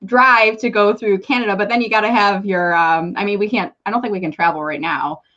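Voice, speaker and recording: A woman's voice: medium pitch, a little fast, bright, forceful tone, lo-fi sound. A woman hosting a casual live video interview, chatty and encouraging, often restarting her sentences as she thinks aloud. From Michigan, United States. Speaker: host.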